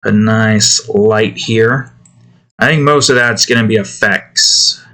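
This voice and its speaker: A man's voice: fairly low pitch, takes it slowly, bright, forceful tone. A man talking casually to himself while drawing digital art, muttering about his work and snapping at his cat. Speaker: artist drawing on stream.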